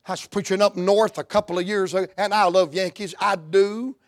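A man with a Southern US accent preaching a fervent revival sermon in a church, moving from hushed talk to shouts. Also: sits high, fairly even intonation, fairly quick, no echo, clean studio sound.

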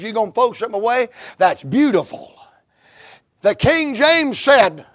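A preacher with a high voice works through a slow, drawn-out revival sermon. He tells the story at length and then climbs into shouts and half-sung phrases. The sound is close and dry. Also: very animated, no echo. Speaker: Baptist preacher.

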